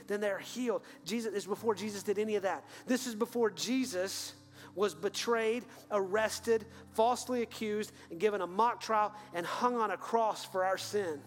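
A man preaching an earnest sermon as pastor, then leading a quiet prayer. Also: sits high, moderate pace. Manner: earnest, building to fervent then hushed prayer. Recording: long hall reverb with faint music.

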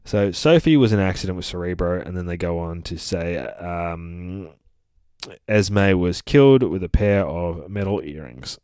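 A man with a lowish voice rambles through a casual comic book review, swearing freely and gushing with excitement. His delivery is loose and full of fillers, and the sound is close and dry with no room around it. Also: a little slow, smooth, no room sound. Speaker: comic book podcast host.

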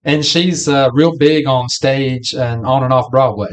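At a measured pace and medium pitch, a man co-hosting a podcast chats about a film. Now and then he performs lines from the movie.

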